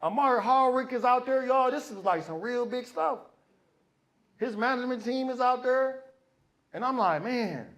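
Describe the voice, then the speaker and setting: A man doing stand-up comedy, telling an animated, profane story and acting out the voices of others. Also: very high-pitched, moderate pace. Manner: profane, slangy. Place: comedy stage before a live audience.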